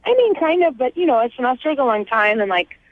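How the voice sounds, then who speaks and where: A woman's voice: high voice, very animated, quick pace, no echo. A woman calling in to a radio show, talking chattily with lots of fillers over a phone line. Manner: chatty, uses lots of fillers like "like" and "you know". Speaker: caller. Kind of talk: radio call-in conversation.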